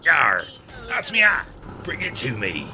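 A man voicing a gruff male pirate snowman with growling pirate talk, over game music. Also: medium pitch, huge pitch swings, unhurried.

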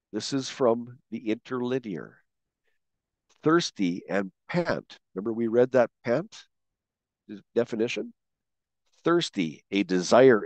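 Male teacher for a scripture lesson voice-over: unhurried, emphatic, dry close mic. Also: mid-range voice, darkish tone, no echo. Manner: slow, questioning, emphatic on key words. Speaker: Bible study teacher.

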